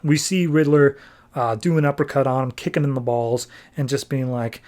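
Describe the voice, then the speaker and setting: A man's voice: mid-range voice, moderate pace, darkish tone. A man hosting a podcast, casually recapping a comic book issue with wry asides. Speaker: podcast host.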